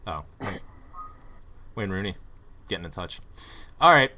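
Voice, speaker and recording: A man's voice: sits low, big pitch swings, a little slow, pushed and bright. A man hosting a podcast in casual soccer chat, rambling with fillers and putting on an East London accent. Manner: rambling, lots of fillers and restarts. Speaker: podcast host.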